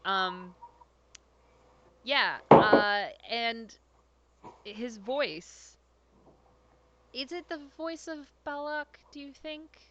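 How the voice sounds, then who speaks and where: A woman's voice: fairly high pitch, extremely slow, long pauses, heavy background noise. A woman co-hosting a podcast, recapping an episode in casual chat, chatty and laughing often, with plenty of hesitant fillers. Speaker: podcast co-host. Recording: slightly dull lo-fi podcast audio.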